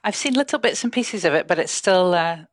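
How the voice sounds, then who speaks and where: Low-voiced woman with a mild Glaswegian accent. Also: lively intonation, fairly quick, no room sound, studio quality. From Scotland. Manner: hesitant, many fillers and restarts. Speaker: linguistics professor guest. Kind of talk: radio interview.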